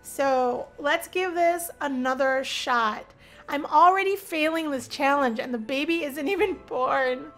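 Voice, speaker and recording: Excitable high-voiced woman gamer. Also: a little slow, soft background music. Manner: excitable, squeals and laughs often. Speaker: gaming channel host. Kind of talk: casual let's-play commentary.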